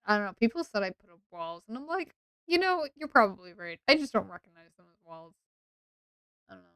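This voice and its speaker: A woman's voice: medium pitch, smooth, dry recording. A woman streamer chatting casually late at night, sleepy, rambling and playfully teasing her chat.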